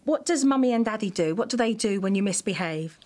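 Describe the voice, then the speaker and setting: A parenting expert hosting a coaching session speaks with parents and children in a mid-range, expressive, somewhat dark voice at a brisk pace. She is direct and probing and often repeats phrases for emphasis.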